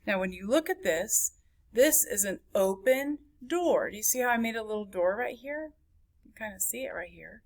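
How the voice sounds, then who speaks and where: In a medium-pitched, expressive voice, a teacher leads her class through phonics. She works slowly, clapping words apart one syllable at a time.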